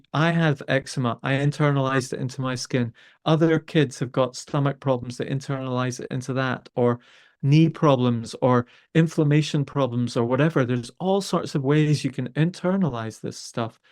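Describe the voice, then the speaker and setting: A man, a podcast host telling a story with exasperated, animated energy. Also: fairly high pitch. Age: 50s. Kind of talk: conversational storytelling.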